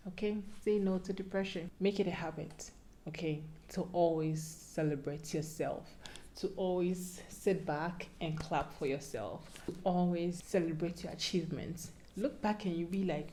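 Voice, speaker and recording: A young woman with a Ghanaian accent and a low, mellow voice gives casual advice to her viewers. She talks in a playful, pleading way that sometimes sounds like a sermon. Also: steady tone, moderate pace. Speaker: vlogger.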